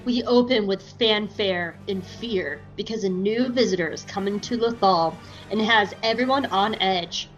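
A woman's voice: medium pitch, normal speed, few pauses, soft background music, low-quality recording. A woman podcast co-host chatting casually through an episode recap, giggly and swearing freely.

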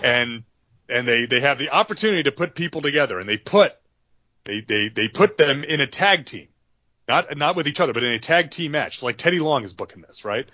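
A man's voice: medium pitch, animated, fairly quick, pushed and bright, dry recording. A male podcast host tells a long story in casual, rambling talk, full of fillers and restarts. His voice sits in a middle register, and the audio is dry and a bit dull.

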